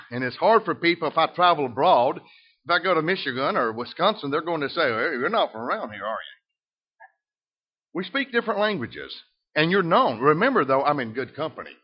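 Southern pastor guy, middle-aged, voice sits a bit high, muffled lo-fi church recording. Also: very animated, fairly quick, slightly rough. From Southern United States. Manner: folksy, preacherly, swings between emphatic and soft. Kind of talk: sermon. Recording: dull lo-fi sound.

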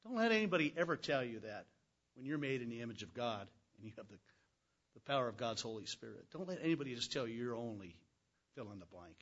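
A man preaching a conversational sermon, reading scripture with folksy, animated asides. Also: medium pitch, quick pace, highs cut off. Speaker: pastor.

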